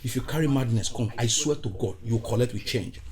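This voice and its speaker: A man's voice: medium pitch, fairly quick, crowd noise. A Nigerian man hosting a podcast with a showy, exuberant intro, mixing in Pidgin. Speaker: podcast host. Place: recorded studio in Ottawa.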